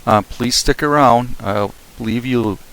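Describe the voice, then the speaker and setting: A man's voice: mid-range voice, a little slow, fairly bright tone, rough recording. A man, the author, casually introducing and closing his story, talking hesitantly with fillers. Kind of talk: casual spoken intro and outro.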